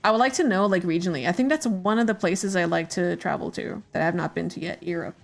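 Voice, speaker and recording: A woman's voice: fairly low pitch, fast, vocal fry, faint music behind. A woman streamer chatting casually while she draws, rambling with many fillers and hesitations. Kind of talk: casual chat while drawing.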